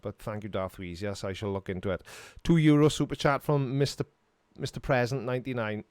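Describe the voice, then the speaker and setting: A man's voice: mid-range voice, fairly quick, few pauses, darkish tone, dry recording. Chatty Welsh man, dry sound. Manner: rambling and jokey, laughs often. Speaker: live stream host answering chat questions. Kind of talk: casual live stream chat. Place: small home studio.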